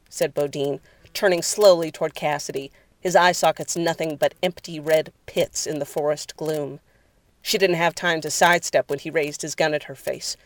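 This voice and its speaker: A narrator reading a horror story aloud in a measured, even way. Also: medium pitch, vocal fry, no room sound.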